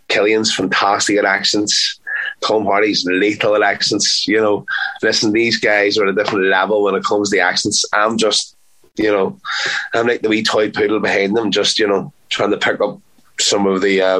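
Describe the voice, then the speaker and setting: A man with a fairly low voice talks casually in an interview as an actor. He is chatty and playful, and he often repeats words to stress a point. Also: level tone, moderate pace, a bit bright, rough recording.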